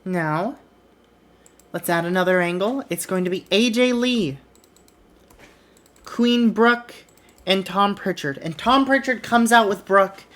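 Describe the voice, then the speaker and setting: A woman's voice: mid-range voice, takes it slowly, pauses often. A woman streamer chatting casually while she plays a wrestling booking game, swearing offhandedly.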